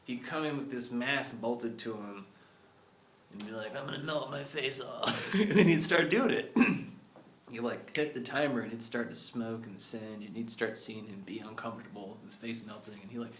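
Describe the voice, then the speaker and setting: A man casually pitching a story idea, rambling and cursing, laughing now and then. His voice sits at a middle pitch in an echoey studio, with a faint hiss behind. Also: normal speed. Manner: rambling, profane, laughs often.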